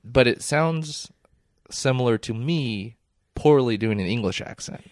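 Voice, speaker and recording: A man co-hosting a podcast in casual chat, animated and laughing often, trailing off mid-sentence. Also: medium pitch, unhurried, dry recording, clean studio sound. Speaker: podcast co-host.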